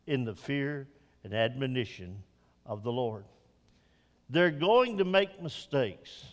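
An older man preaching a Father's Day sermon, climbing to loud, high emphatic peaks and then dropping to soft, slow reflection. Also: expressive, long reverb tail.

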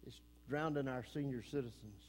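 A man with an East Texas accent preaching a fiery sermon as pastor, swinging between shouted warnings and low, earnest pleading. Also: normal speed. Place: church sanctuary. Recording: long hall reverb.

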